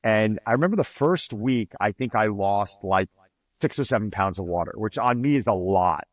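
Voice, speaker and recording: Male fitness trainer guest, animated storyteller, bare dry mic. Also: lowish voice, moderate pace, no echo. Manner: animated, acts out quoted dialogue. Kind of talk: storytelling in a casual interview.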